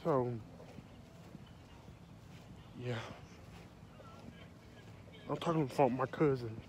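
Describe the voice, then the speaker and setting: A woman's voice: very deep voice, takes it slowly. A woman chatting casually into her phone for a vlog, blunt and swearing freely. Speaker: vlogger. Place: outdoors in the rain. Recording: loud rain noise around the phone mic.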